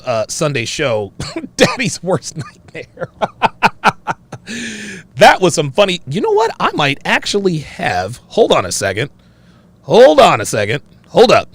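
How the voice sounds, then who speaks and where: Male streamer reading chat, lively up and down voice, joking around, kinda slow. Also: on the high side, gravelly. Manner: animated, joking, laughs often. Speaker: host. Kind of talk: casual livestream commentary.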